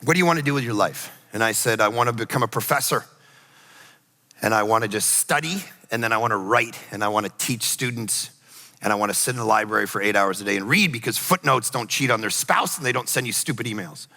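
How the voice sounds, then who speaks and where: A middle-aged male pastor preaching a sermon in a casual, conversational way, telling stories and acting out quick asides. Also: fairly low pitch. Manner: conversational, animated storytelling with acted asides. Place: church sanctuary. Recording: reverberant church hall.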